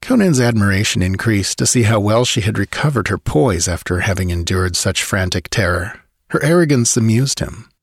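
Casting: male audiobook narrator, measured and dramatic, low pitch, dry close mic. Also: animated, gravelly, husky, no echo.

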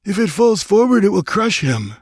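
A man's voice: high-pitched, big pitch swings, moderate pace, husky, dry recording, studio quality, voice pushed up, heavily acted. A man voicing a cautious desert nomad tribesman who raises objections, in a storybook reading.

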